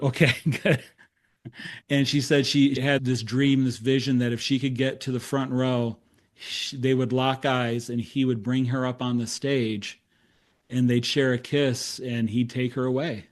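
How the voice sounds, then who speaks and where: A middle-aged man, a therapist, telling a case story in a talk, acting out the dialogue with self-deprecating humor. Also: medium pitch. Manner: animated storyteller who acts out quoted dialogue. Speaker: therapist presenting case studies.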